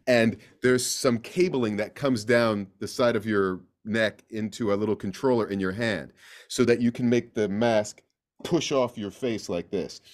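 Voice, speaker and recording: A man speaking as a guest actor in a casual interview, an animated storyteller who slips into acting out voices. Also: fairly low pitch, unhurried.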